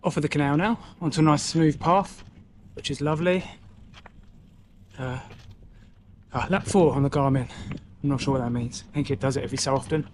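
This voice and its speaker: A man cycles along talking into his camera, casual and chatty, with a slightly higher than usual voice. He sounds a little out of breath at times. Faint outdoor noise sits behind him. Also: fairly quick, pauses often, darkish tone. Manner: chatty, talks to himself and the camera, swears casually. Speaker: cycling vlogger. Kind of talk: casual vlog narration while cycling. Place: outdoors on a bike route. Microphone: camera mic.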